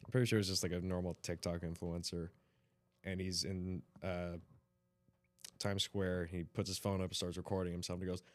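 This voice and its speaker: A man co-hosting a podcast, chatting casually, swearing and breaking into loud impressions when retelling videos. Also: low-pitched, level tone, fairly quick, no echo. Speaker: podcast co-host. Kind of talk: casual chat.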